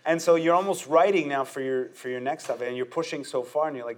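A man, a stand-up comedian, talking casually in an interview, animated and often breaking into laughter with quick asides. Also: medium pitch.

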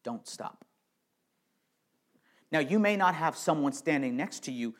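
A man with a fairly high voice preaches a sermon. He swings from near-whispered lines to loud, emphatic bursts and often repeats words as he restarts a thought. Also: lively intonation, fast talker. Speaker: pastor.

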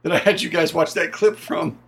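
A man's voice: fairly high pitch, fairly even intonation, fairly quick, gravelly, slight background noise. A man in a casual podcast chat, playful and teasing, poking fun at himself. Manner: playful, teasing, self-mocking.

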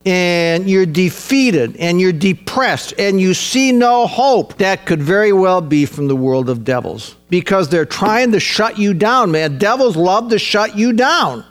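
Male pastor with a high voice, earnest, folksy sermon delivery, soft music under him. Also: animated, unhurried, hardly any pauses. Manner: earnest, conversational preaching with repeated emphasis.

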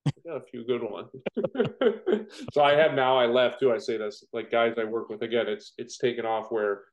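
A man in his thirties, a firefighter, guesting on a podcast and telling jokey, animated stories full of acted-out quotes. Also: mid-range voice, normal speed, poor audio. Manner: joking, animated storyteller who acts out quotes. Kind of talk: casual interview chat.

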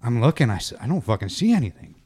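A man's voice: medium pitch, racing, breathy edge. A man co-hosting a podcast from his kitchen, telling stories with lots of swearing and laughter. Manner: swears a lot, laughs often, animated storyteller. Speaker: podcast co-host. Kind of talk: casual chat. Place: home kitchen.

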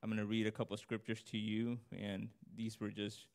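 A man's voice: on the low side, completely flat delivery, fairly quick, a little mellow. A man giving an informal, earnest sermon, reading scripture aloud and talking through it conversationally, his voice rising on points of emphasis. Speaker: preacher.

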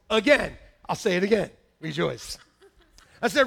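Male pastor, high and gravelly, animated sermon with shouted punchlines. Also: moderate pace, long pauses. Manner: animated, laughing, repeats lines to the congregation; shouts mock-angry quotes at peaks. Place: church.

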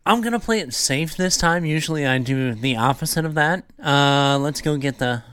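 A man's voice: fairly high pitch, normal speed, a bit bright, clean tone, no echo. A man casually reacting and choosing options while a friend reads a gamebook. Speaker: podcast co-host choosing options. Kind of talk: casual chat.

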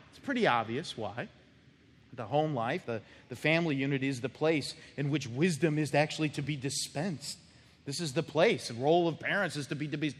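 A man's voice: a little high, slightly rough. A man preaching a sermon as pastor, acting out little scenes with shifting voices. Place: church sanctuary. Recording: long church hall reverb.

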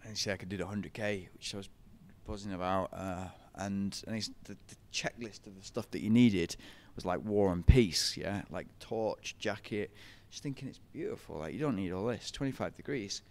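A young man with a deep voice tells running stories in a casual interview, speaking at a moderate pace with hardly any pauses. He's an ultra runner appearing as a podcast guest, chatty and laughing often.

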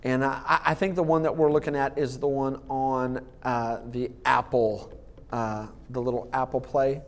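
A man preaching a sermon as lead pastor, joking and laughing at his own jokes, halting with many fillers and restarts. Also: mid-range voice, flat delivery.

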